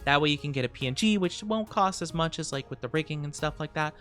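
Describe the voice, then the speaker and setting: A woman's voice: deep voice, animated, quick pace, fairly bright tone, faint music behind. A woman VTuber chatting casually on a livestream, rambling and giggly with lots of fillers. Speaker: VTuber streamer.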